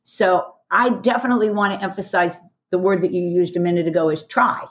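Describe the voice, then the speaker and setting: A woman who teaches karate, hosting a casual group conversation on a podcast, enthusiastic and quick to laugh. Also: lowish voice. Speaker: karate instructor and podcast host.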